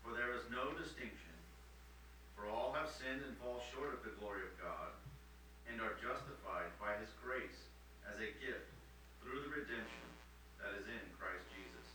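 A man in a study group reading scripture aloud in a steady, measured way. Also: lowish voice. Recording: echoey room, far from mic, background noise.

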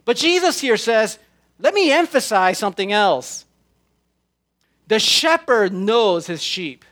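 A man preaching a sermon, slowing down and stressing his words as he quotes scripture. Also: high voice, big pitch swings, fairly bright tone. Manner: slow, emphatic preaching with drawn-out scripture quotes. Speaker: pastor.

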